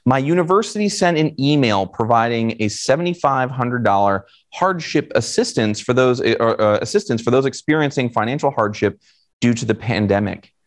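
A man's voice: medium pitch, animated, normal speed. Guy from florida giving a conference talk, voice swings up and down a lot, chatty, asks the crowd stuff. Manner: conversational, asks the audience questions. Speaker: conference speaker.

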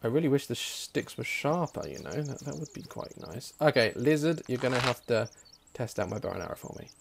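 An excitable young man talks through a survival game in a jokey, swearing running commentary. His pitch swings widely, full of lively ups and downs. There is a faint hiss behind him. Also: fairly quick, gravelly. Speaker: gaming YouTuber. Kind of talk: gameplay commentary.

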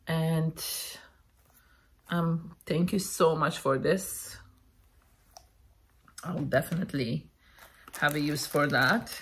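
A woman from Canada opening a parcel of craft supplies, chatting casually and gushing with thanks, a little unwell and clearing her throat. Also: deep voice. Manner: gushing, slow and chatty, frequent thank-yous. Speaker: crafting vlogger opening happy mail. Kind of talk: casual unboxing chat.

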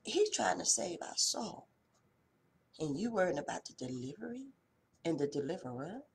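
A woman giving an impassioned devotional message, swinging between loud exhortation and hushed intensity, with a colloquial, folksy way of speaking. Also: lowish voice, very animated, moderate pace, vocal fry, slight background noise. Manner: colloquial, uses folksy address. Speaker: preacher.

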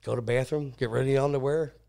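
A podcast guest tells crude personal stories casually, laughing often and swearing a lot as he animatedly spins his anecdotes. His voice is mid-range and very fast, with vocal fry.

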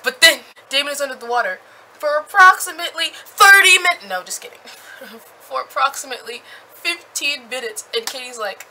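A young woman recapping a book in a chatty, animated way with lots of fillers. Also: high voice, moderate pace, slight background noise, poor audio. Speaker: book reviewer.

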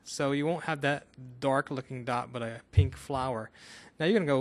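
A man's voice: mid-range voice, moderate pace. A man from Northern Kentucky in the US, explaining a screencast coding tutorial step by step in a casual way. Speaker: instructor.

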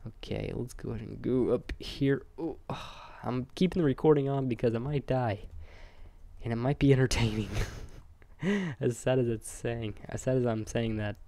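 A young man giving chatty, excitable let's-play commentary, joking and talking to his viewers as he plays. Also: medium pitch, vocal fry. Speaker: gamer.

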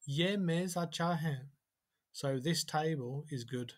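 A man teaches a language lesson at a whiteboard, and his voice sits a little on the high side. He pronounces each example phrase slowly and deliberately before explaining it. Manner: slow, careful pronunciation of example phrases.

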